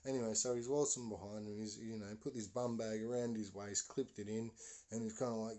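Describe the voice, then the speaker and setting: A man's voice: fairly low pitch, fairly even intonation, fairly quick, warm tone. A man hosting a podcast, telling a story casually and rambling with lots of fillers. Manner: rambling, full of "you know" fillers. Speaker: podcast host.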